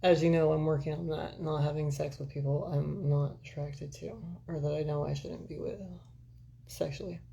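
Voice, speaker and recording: A woman's voice: low-pitched, little pitch movement, moderate pace, vocal fry, warm tone, muffled recording, a little hiss or hum. A woman hosting a live stream, chatting with viewers in a rambling, candid and profane way. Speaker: livestream host chatting with viewers. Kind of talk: casual chat.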